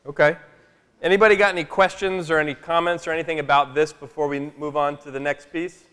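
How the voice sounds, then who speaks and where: A man telling a family story to a live workshop audience in an animated, chatty way, often asking "right?". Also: fairly high pitch, quick pace, clean tone. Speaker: speaker at a workshop. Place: large room with a live audience. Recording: long echo of a large hall.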